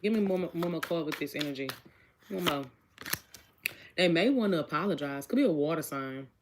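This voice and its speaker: A woman's voice: sits low, expressive, fairly quick, noisy background. A woman giving a casual tarot reading, chatty and repetitive, asking each question aloud and talking straight to her viewers. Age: adult with a child. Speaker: tarot reader.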